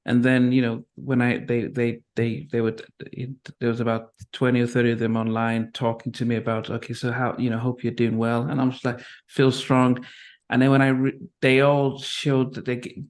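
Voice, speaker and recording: A middle-aged man from Nigeria hosting an interview, speaking reflectively with many restarts and pauses. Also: mid-range voice, little pitch movement. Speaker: interview host. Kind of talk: conversational interview.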